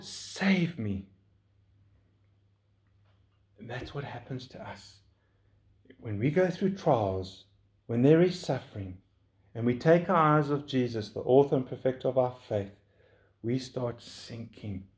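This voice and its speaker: A man preaching a sermon in an earnest, pleading way that lifts in pitch when he urges his listeners. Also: lively intonation, a little slow, long pauses, darkish tone.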